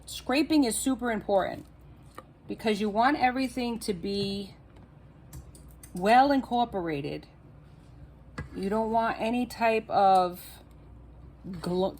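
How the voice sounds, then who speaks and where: A woman's voice: medium pitch, takes it slowly, long pauses, darkish tone, slight background noise. A woman with a New England accent, hosting a cooking video in her home kitchen, chatty and playful as she talks to viewers like friends. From Massachusetts, USA. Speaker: cooking channel host. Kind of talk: casual cooking demonstration.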